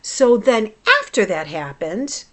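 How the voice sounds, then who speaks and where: A woman in her forties tells her own story straight to the camera, blunt and full of swearing. She drops into low, grumbling asides, then flares up loud when something sets her off. Her voice sits in an ordinary middle register. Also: expressive, slow. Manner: blunt and profane, swinging between low muttering and loud outbursts. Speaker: hypnotherapist. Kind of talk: personal vlog storytelling.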